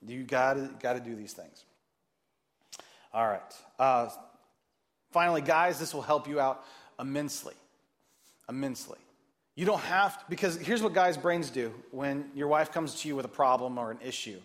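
A man preaching a sermon as pastor, animated and joking, acting out the voices he quotes. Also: mid-range voice, normal speed, pauses often.

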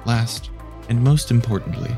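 A man narrating and producing an audio story in a measured, low-key, hushed reading. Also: expressive, vocal fry, over music.

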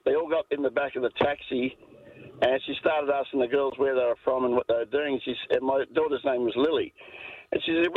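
A man's voice: mid-range voice, fairly quick, dry recording. Man on a tinny phone line. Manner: chatty, animated retelling. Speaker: caller. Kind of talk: phone-in anecdote.

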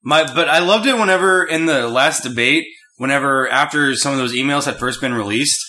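A man's voice: mid-range voice, a little fast, bright, forceful tone. A young man co-hosting a podcast, chatting in a rambling, teasing way. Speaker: podcast co-host. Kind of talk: casual chat.

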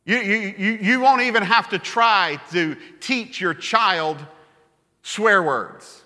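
A pastor preaching a sermon, telling stories in an animated way and repeating phrases for emphasis. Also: male voice, high voice, slow. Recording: long hall reverb.

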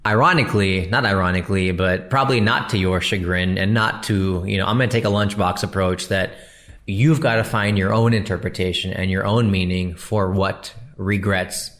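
A man's voice: low-pitched, fairly even intonation, moderate pace, fairly bright tone. A young man hosting a solo podcast, talking casually in a rambling, candid way and often breaking off mid-thought. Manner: rambling, candid, self-interrupting. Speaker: podcast host.

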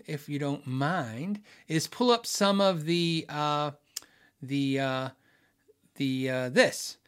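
A middle-aged man hosting a live guitar podcast in a loose, chatty way, joking and laughing as he goes. His voice sits a bit high for a man, and he drifts into quieter, mumbled asides. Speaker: guitar tech and podcast host. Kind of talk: casual live-stream chat.

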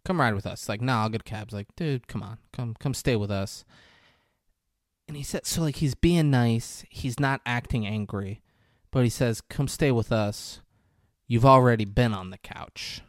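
A man's voice: mid-range voice, moderate pace, dry recording, studio quality. Man retelling a film scene by scene. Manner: retells scenes with quoted dialogue, laughs often. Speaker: podcast co-host recapping a film. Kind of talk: casual chat.

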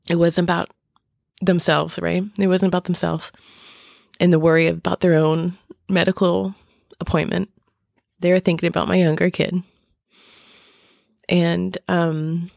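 A middle-aged woman hosting a podcast, speaking haltingly with many fillers and restarts as she searches for words. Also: on the low side, gravelly, a little mellow, no echo, studio quality. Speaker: podcast host. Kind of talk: personal podcast talk.

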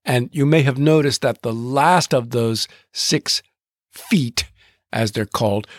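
A man hosting a podcast, narrating in a deliberate way and drawing out rhythms as he explains them. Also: mid-range voice, dry recording, clean studio sound. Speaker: podcast host.

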